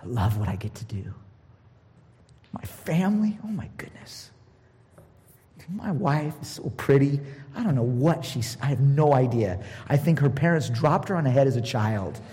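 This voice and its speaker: A middle-aged man preaching a personal sermon as a pastor, expressive and laughing, moving between loud bursts and hushed asides. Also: mid-range voice, normal speed. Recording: long hall reverb.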